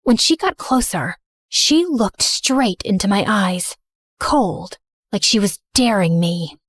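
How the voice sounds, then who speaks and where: A young woman narrating an animated story in first person, earnest and emotional. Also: medium pitch, slow pace, no room sound.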